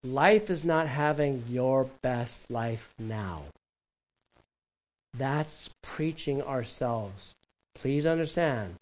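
A man preaching a sermon as pastor, animated and conversational, with quick asides to the congregation. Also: medium pitch, low-quality recording.

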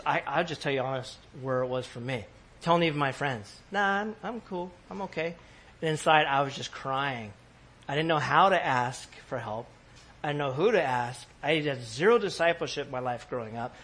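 A man's voice: medium pitch, a bit bright, slightly rough. A man from California preaching a sermon in a church in New York, talking casually to the congregation with laughs and asides. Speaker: pastor.

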